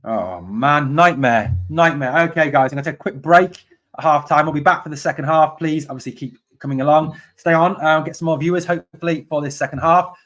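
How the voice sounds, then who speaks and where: Man, fan channel host, live match commentary, chatty, answers viewer comments, shouts in exasperation at his side. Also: fairly high pitch, fast talker.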